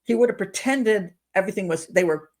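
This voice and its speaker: A woman's voice: medium pitch, fairly quick, darkish tone. Incredulous, sarcastic woman profiler. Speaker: criminal profiler host. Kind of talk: commentary.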